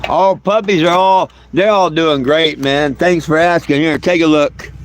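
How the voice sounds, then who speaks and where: A man's voice: fairly high pitch, a little slow, slight background noise, rough recording. A man vlogging outdoors by his bus in a casual, hesitant way, drawn out with fillers and repeated words. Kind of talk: casual rambling vlog talk. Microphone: camera he handles himself.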